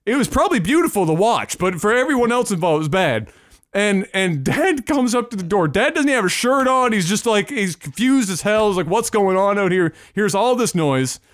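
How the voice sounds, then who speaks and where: A man co-hosting a podcast, telling a story in a casual, animated and profane way. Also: high voice, fairly quick, no echo, clean studio sound. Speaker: podcast co-host.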